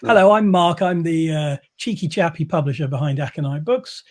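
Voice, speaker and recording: A man's voice: a little high, fairly quick, darkish tone. A man, a publisher, chatting casually on a video call in a wry, rambling way with many fillers. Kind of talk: casual chat.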